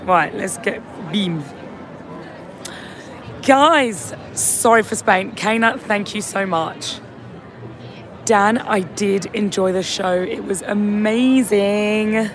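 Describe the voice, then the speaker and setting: Hoarse woman on a slow, tired live stream. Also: medium pitch. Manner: tired, chatty, reads out viewer comments. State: hoarse, lost voice. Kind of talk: casual live-stream reaction chat. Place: outdoors on a city street outside a venue. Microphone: phone held at arm's length. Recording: crowd noise on a busy street.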